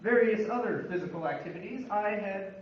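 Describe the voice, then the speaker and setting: A man with a high voice tells a funny personal story with dry, growing exasperation. He is caught from far off by the camera, so the sound is distant and dull. The big room around him echoes heavily. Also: a little fast, slight background noise. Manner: wry, building comic exasperation. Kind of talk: humorous storytelling monologue.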